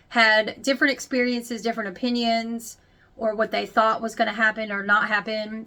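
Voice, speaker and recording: A woman vlogger speaks straight to her viewers in a candid, chatty storytime. Her voice sits a bit high, and she leans on key words for emphasis. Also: bright, forceful tone. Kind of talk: confessional storytime.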